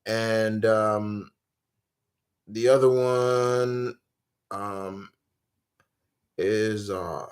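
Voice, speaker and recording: A man's voice: lowish voice, drawn-out words, long pauses. Rambling man chatting on a live Q&A. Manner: rambling and animated, with many fillers and restarts. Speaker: host. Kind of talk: casual live Q&A chat.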